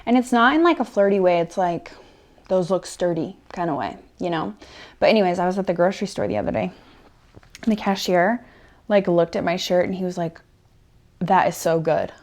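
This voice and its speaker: A young woman rambling through a personal story in ASMR role-play, with plenty of fillers. She swings between soft, close murmurs and animated bursts. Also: on the low side, fairly quick. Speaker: ASMR creator.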